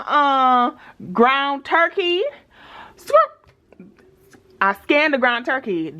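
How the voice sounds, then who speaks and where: A woman vlogging about her budget in a casual, playful chat, telling stories with lots of laughter and slang. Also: a little high. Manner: animated storytelling with frequent laughter; playful slangy banter with viewers.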